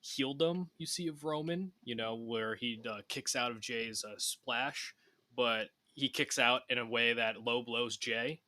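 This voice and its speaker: Bright-voiced man rambling on a podcast. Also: medium pitch, measured pace, dry recording. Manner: relaxed, rambling, many fillers like "like". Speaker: podcast guest. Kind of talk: casual podcast chat.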